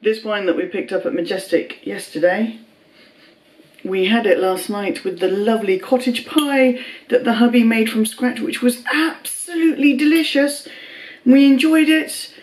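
A woman's voice: fairly high pitch, moderate pace, darkish tone, recorded from a distance. Brief: woman vlogger, chatty, a bit off-mic in a roomy kitchen. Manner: chatty, baby-talks to her cats. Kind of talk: casual vlog chat. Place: home kitchen.

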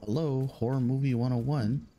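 A man's voice: mid-range voice, steady tone, normal speed, dark tone, a little hiss or hum. A young man casually commenting on a horror game he plays, chatty and jokey, reading game lines aloud. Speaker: gaming YouTuber. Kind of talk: casual let's-play commentary.

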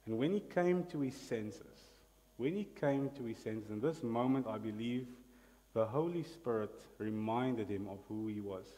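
A man's voice: medium pitch, unhurried, dark tone, big-room sound. A man preaching a sermon as pastor, emphatic, asking the congregation to repeat words after him. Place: church hall.

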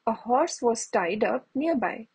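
Brief: woman narrator for a kids' storybook, very breathy, slightly high voice. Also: animated, unhurried, a little mellow, rough recording. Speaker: storybook reader. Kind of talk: bedtime story read-aloud.

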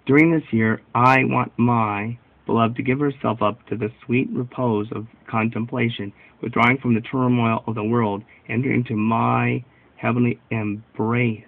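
A man reading as gentle loving Jesus. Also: medium pitch, fairly even intonation, normal speed, creaky, narrow, tinny audio. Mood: tender. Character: Jesus, gentle loving male divine speaker. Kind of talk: devotional reading.

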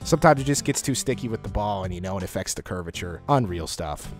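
A man giving casual gameplay commentary close to his microphone, joking at his own expense, laughing often and breaking into sudden excited outbursts. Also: sits low, fast talker, faint music behind. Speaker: gaming YouTuber.

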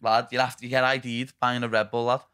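A man's voice: mid-range voice, flat delivery, fairly quick, pushed and bright, clean tone, no room sound. A young man with a Liverpool accent, hosting a casual chat and telling stories, laughing often and tagging his sentences with "lad". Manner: chatty, tags lines with "lad", laughs often. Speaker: podcast host.

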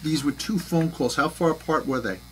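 A man's voice: fairly high pitch, brisk, a bit bright, a little hiss or hum, poor audio. A man co-hosting a comedy podcast, talking animatedly and picking apart the story's details. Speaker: podcast co-host. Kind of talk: casual comedic chat.

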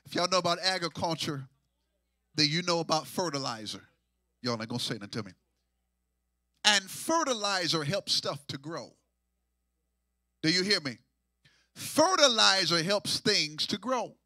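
Man, pastor, high voice, very bright and forceful, half-sung call-and-response sermon. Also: big pitch swings, moderate pace, pauses often, no echo. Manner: call-and-response preaching, swinging from hushed to near-sung shouts.

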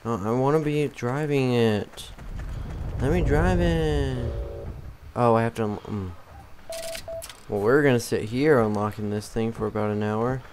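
A man giving casual, rambling commentary while playing a game, poking fun at himself and getting excitable. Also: mid-range voice, normal speed. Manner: rambling, self-mocking, excitable. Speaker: gamer. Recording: noticeable background noise.

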